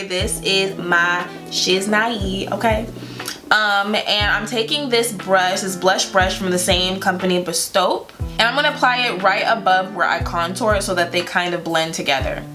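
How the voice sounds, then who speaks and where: A young woman chatting casually through a makeup tutorial, playful and loose, with lots of fillers and small laughs. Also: medium pitch. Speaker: beauty vlogger. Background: guitar music.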